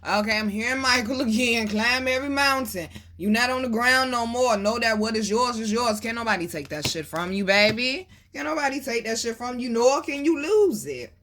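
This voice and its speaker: A woman giving a casual tarot reading to her viewers, animated and preachy, calling them baby and boo and swearing freely. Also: on the high side, a little fast, few pauses, a little hiss or hum. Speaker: tarot reader.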